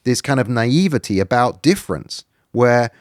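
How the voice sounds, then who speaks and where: A middle-aged man chatting as a podcast guest, his pitch rising and falling all the time as he jumps between loud asides and quiet musing. He keeps a wry, self-aware edge. The sound is dry and close. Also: lively intonation, fast talker, no room sound. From Britain. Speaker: guest, documentary director. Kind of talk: casual podcast conversation.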